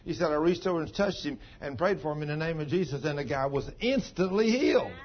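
A man's voice: on the high side, lively intonation, quick pace, crowd noise. A man pastor telling stories in a folksy, homespun sermon, with plain country grammar. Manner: folksy, ungrammatical country speech. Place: church. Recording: dull lo-fi sound.

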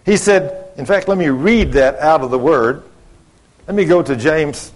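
A middle-aged preacher man spins a folksy story from the pulpit, voicing everyone in it himself. His voice sits a touch high for a man. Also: unhurried. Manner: folksy storytelling, acting out both sides of conversations. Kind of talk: sermon with told stories.

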